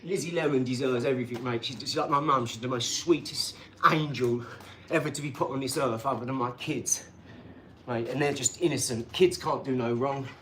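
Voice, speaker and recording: A man's voice: mid-range voice, steady tone, a little fast, a bit bright, slight background noise. A man, talking casually on a live stream in a rambling, cheeky way and laughing between his remarks.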